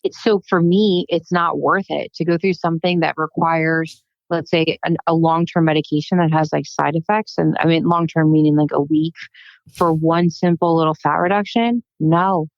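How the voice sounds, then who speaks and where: A deep-voiced woman chats on a podcast and tells animated stories, acting out the other people in them. The recording is dry and a little dull. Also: normal speed, dry recording. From United States. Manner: animated storytelling, acts out quotes. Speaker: guest, plastic surgeon. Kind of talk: casual podcast chat.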